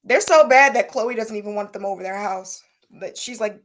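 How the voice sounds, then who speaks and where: A woman's voice: mid-range voice, normal speed, a bit bright. A young woman co-hosting a podcast, chatting casually and animatedly, often laughing and mocking people in her impressions. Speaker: podcast co-host. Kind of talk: casual gossip chat.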